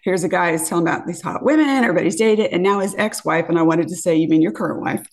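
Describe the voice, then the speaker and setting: A woman in her fifties telling a dating story in casual chat, acting out what people said with lively jumps in pitch. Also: fast talker. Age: 50s. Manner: animated, acts out quotes with lively pitch jumps. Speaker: podcast guest.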